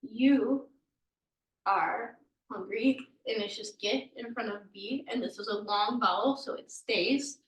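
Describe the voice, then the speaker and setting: A woman teaching a language lesson, explaining grammar patiently and sounding out words slowly, sometimes correcting herself. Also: a little high, distant mic. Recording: echoey room, voice a bit off mic.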